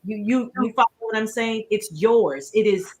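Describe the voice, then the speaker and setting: A woman co-hosting a radio interview, telling stories with lively reenacted quotes. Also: on the high side, normal speed. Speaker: co-host. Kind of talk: casual radio interview chat.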